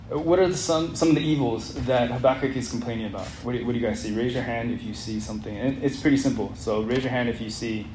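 A man's voice: medium pitch, darkish tone. A man teaching an interactive Bible study lesson in an earnest way, putting questions to the group as he reads. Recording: roomy echo, faint background noise.

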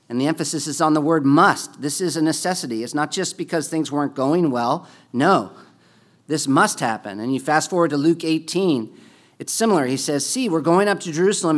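A man preaching a sermon in a relaxed, conversational way, his voice sitting a little high for a man. He builds in force when he stresses a point. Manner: conversational preaching, rising with emphasis on key points. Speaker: pastor.

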